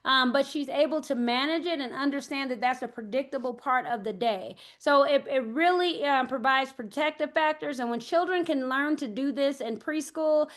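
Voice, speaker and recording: A woman's voice: sits high, moderate pace, few pauses, a bit bright. An older woman, an early childhood educator, giving a parent workshop talk, hesitant and thinking aloud as she tells anecdotes.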